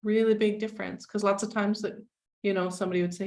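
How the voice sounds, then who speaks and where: A woman in her forties, a guest speaking candidly and wryly in a relaxed conversation. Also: medium pitch, fast talker. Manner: frank, wry, self-deprecating.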